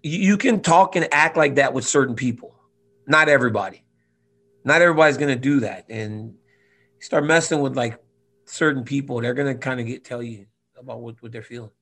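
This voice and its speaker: A man in his twenties telling a story in casual chat, animated, swinging from loud to quiet. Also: medium pitch, a little fast. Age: 20s. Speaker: guest fighter.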